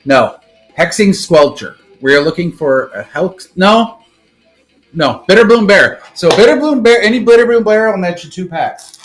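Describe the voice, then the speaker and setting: A young man on a live stream, casually opening card packs and rattling off card names, with bursts of excitement. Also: high voice, normal speed, soft background music.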